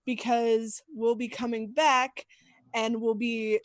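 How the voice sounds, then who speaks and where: A woman who plays in a tabletop campaign, chatting casually on a podcast in an enthusiastic, halting way and often restarting her sentences. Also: a little high, level tone, no room sound, studio quality.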